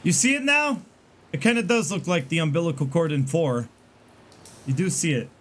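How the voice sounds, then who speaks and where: A man's voice: a little high, lively intonation, moderate pace, fairly bright tone. A man giving casual, rambling game commentary to his stream chat, full of fillers and restarts.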